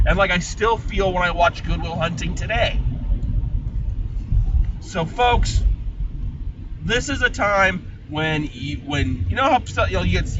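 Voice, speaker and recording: A man giving a sarcastic, exasperated film review while driving, swinging from low grumbling to loud ranting. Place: inside a car. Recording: lo-fi, distant, road noise.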